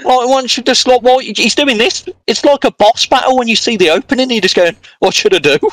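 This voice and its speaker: A man's voice: extremely high pitch, fairly quick, fairly bright tone, no echo. A man co-hosting a podcast, chatting casually and rambling through a wrestling show recap with lots of fillers. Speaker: podcast co-host. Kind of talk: casual wrestling review chat.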